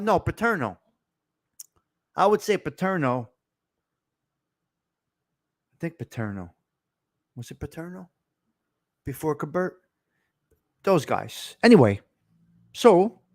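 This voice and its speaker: A man's voice: sits high, big pitch swings, slow, long pauses, no echo, clean studio sound. A middle-aged man hosting a casual chat, telling stories in a blunt, profane, tough-guy way. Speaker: show host.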